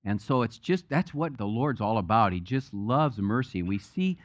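A man's voice: lowish voice, expressive, normal speed, highs cut off. A man preaching a sermon as pastor, speaking conversationally and mixing in jokes. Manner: conversational, joke-telling preacher. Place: church sanctuary.

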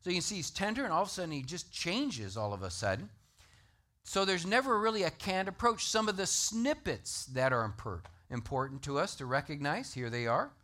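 A man preaching a sermon, emphatic and animated, citing scripture references to the congregation. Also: a little high, fairly quick. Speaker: pastor.

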